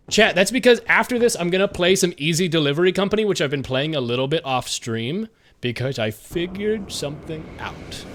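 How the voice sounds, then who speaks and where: A man streaming a game live, chatting casually with his viewers, excitable and swearing freely. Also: high-pitched. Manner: excitable, swears, talks to chat.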